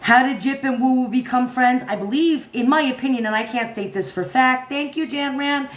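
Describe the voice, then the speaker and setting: A tired woman hosts a casual livestream in a high-pitched voice at a moderate pace, rambling, laughing often, and chatting with both her viewers and her cat. The commentary is recorded in an echoey room with faint noise.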